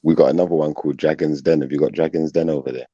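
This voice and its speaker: A man's voice: rumbling low, fairly even intonation, rapid-fire, warm tone, no room sound, muffled recording. A man from England chatting casually on a panel, rambling and laughing often.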